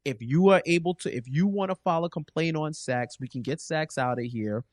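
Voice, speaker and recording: Man, casual recap chat, animated storyteller, fairly high voice, dry sound. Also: brisk, no echo. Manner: animated storytelling, acts out characters' lines. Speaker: podcast co-host.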